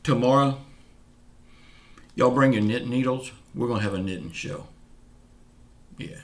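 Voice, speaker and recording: A man's voice: medium pitch, measured pace, pauses often. A man with a Southern US accent, from Florida, hosting a casual video update in a folksy, earnest way; some of his words come out slurred. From Pensacola, Florida, US. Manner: folksy, earnest, keeps saying y'all. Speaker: channel host. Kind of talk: casual direct-to-camera update.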